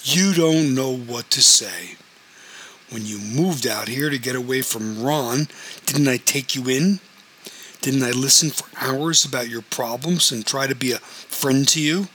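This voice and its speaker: A man reading as an enraged betrayed wife, bitter and accusing, each question snapping harder than the last, bright clear tone with a faint hiss behind it. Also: mid-range voice, unhurried, close to an everyday voice, low-quality recording. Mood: furious. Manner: accusing, bitter, sharpening to shouts. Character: furious betrayed wife confronting her cousin.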